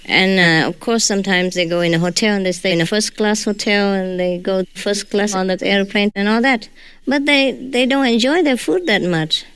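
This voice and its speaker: Woman teacher talking casually to followers, english not her first language, smooth voice, lots of little "huh?"s and jokes. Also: mid-range voice, normal speed, fairly bright tone. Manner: chatty, joking, often adds a questioning "huh?". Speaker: spiritual teacher. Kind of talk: informal talk to followers.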